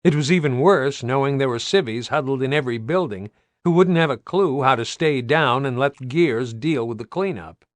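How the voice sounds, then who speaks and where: A man's voice: mid-range voice, moderate pace, no echo. A man reading an audiobook aloud with tense, dramatic narration. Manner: tense, dramatic, varied delivery.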